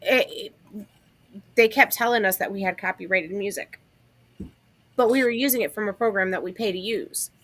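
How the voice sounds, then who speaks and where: A woman co-hosting a casual livestream, telling stories in a chatty, animated way. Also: medium pitch, normal speed, long pauses. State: has the hiccups. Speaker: livestream co-host.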